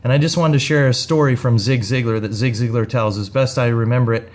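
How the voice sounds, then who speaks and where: A man ministering in a gentle, earnest, unhurried devotional talk with a story. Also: mid-range voice, fairly even intonation.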